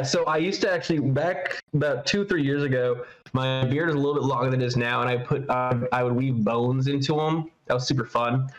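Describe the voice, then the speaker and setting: A man's voice: mid-range voice, rough recording. A man co-hosting a podcast in casual chat, rambling with lots of fillers and the odd curse word. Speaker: podcast co-host.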